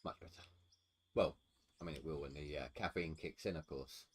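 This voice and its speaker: A man's voice: very deep voice, a little fast, a little mellow. A tired man casually chatting and thinking aloud while livestreaming a mining game. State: tired, yawning. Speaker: streamer. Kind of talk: casual gameplay commentary.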